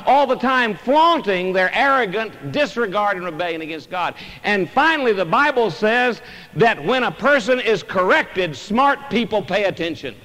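A pastor preaches earnestly from the pulpit, a man with a notably high-pitched voice. He presses his points with emphatic rises and falls. The sound rings with the long reverb of a large church sanctuary. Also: animated, normal speed, pushed and bright. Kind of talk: sermon.

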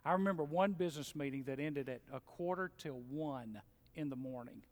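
Animated pastor in a reverberant sanctuary. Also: male voice, fairly high pitch, fairly quick. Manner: animated, folksy, mocks complainers in mimicking voices. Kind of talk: sermon. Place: church sanctuary. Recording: long hall reverb.

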